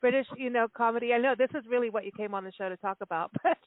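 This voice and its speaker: A woman's voice: fairly high pitch, racing, slight background noise. A woman co-hosting a radio show, chatting casually with frequent laughs and rambling asides. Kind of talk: casual radio interview chat. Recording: tinny phone-line sound.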